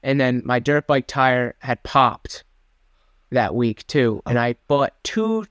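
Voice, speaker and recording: Smooth-voiced young man rambling casually. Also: medium pitch, lively intonation, takes it slowly, a bit bright, no room sound, studio quality. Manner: rambling, self-deprecating storytelling. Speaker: podcast co-host. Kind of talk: casual chat.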